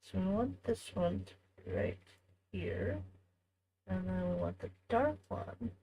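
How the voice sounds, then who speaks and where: A woman's voice: medium pitch, expressive, slow pace, vocal fry, warm tone, low-quality recording. A woman streaming from home, chatting casually with viewers as she works on a craft. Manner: chatty, talks to viewers while working. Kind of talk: casual live-stream chat while crafting.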